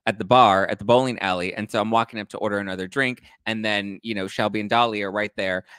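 A young man hosting a casual gossip show, telling stories in a campy, animated way and swearing freely. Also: fast, clear, resonant tone, no echo. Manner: animated, campy, swears freely, acts out quoted people in high voices. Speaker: host.

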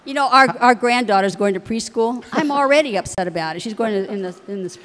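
A woman's voice: on the high side, quick pace. A middle-aged woman, wife of a university president, telling family stories to parents with frequent laughs. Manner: warm anecdotal delivery with laughs. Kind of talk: storytelling speech to parents. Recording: long hall reverb.

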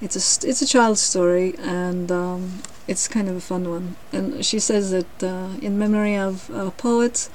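Woman reading a family book on a vlog, rambly and giggly, mellow mid voice. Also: mid-range voice, steady tone, measured pace, few pauses, slight background noise, rough recording. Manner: chatty, rambling asides, frequent laughter. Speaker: reader sharing her grandmother's books.

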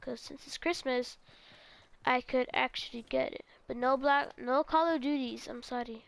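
A woman's voice: sits high, steady tone, measured pace, gravelly, clean tone, no echo. A teenage girl giving casual, rambling gameplay commentary and talking straight to her viewers. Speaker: gaming video creator.

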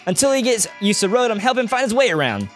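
A man voicing a cheery, friendly male professor from a video game in a high, sing-song voice, adding a mock "eh" to his lines. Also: very animated, quick pace, fairly bright tone, faint music behind, exaggerated voice.

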